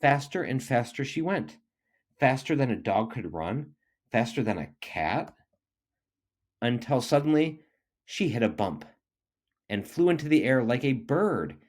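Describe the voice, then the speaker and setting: A man reading a children's picture book aloud, expressive and animated. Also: medium pitch. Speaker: reader.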